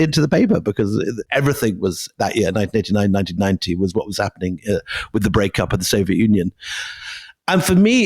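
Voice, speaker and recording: Measured, reflective man co-host. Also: lowish voice. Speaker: podcast co-host. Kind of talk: conversational history chat.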